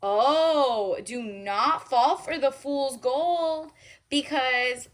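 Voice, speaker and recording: A woman giving a casual tarot reading, chatty and animated, with lots of "like" and "okay?". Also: high voice, drawn-out words. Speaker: tarot reader.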